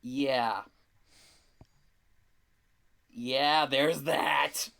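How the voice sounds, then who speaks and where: A woman explaining things animatedly in a casual podcast chat, like a sales pitch. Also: fairly even intonation, extremely slow, creaky, a bit bright.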